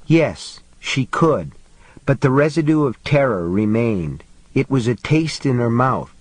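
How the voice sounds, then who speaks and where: A man reading a novel aloud as an audiobook narrator, in a low, measured delivery with quiet character voices. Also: slightly rough, no room sound, rough recording. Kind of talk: scripted narration.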